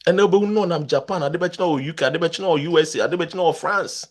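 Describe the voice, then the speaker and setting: With a fairly high pitch and a racing pace, a Ghanaian political commentator rails about politics to camera for his online audience. He is impassioned and emphatic, moving back and forth between English and Twi.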